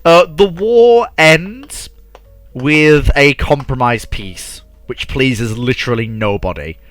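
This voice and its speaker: A man's voice: medium pitch, takes it slowly, a bit bright, dry recording, faint music behind. Eager man rambling in dry sound. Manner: eager, talks over himself, many fillers like "like". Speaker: podcast host. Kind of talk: casual alternate-history chat.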